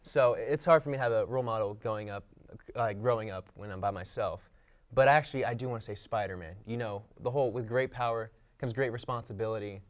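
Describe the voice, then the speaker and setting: A young man telling a casual story in an animated, self-deprecating way, laughing at himself. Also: fairly low pitch, brisk. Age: young adult. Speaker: student panelist.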